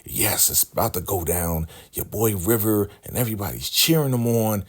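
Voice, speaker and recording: A man hosting a casual TV recap vlog, animated and laughing as he acts out the characters' lines. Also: fairly low pitch, normal speed, hardly any pauses, breathy edge. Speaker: recap host.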